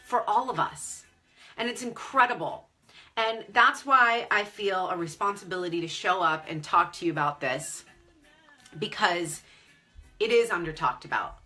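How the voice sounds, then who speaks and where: A woman coach talking candidly and emotionally to viewers on a live video stream, close to tears at times. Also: on the low side. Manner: animated, candid. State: tearful. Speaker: online business coach. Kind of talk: Facebook Live chat.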